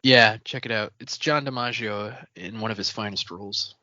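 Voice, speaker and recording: A man's voice: fairly low pitch, moderate pace, sharp tone, dry recording. A man co-hosting a book podcast, chiming in casually and laughing easily. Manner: laughs easily, chimes in with short remarks. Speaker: podcast co-host. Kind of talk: casual chat. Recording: dry, dull podcast audio.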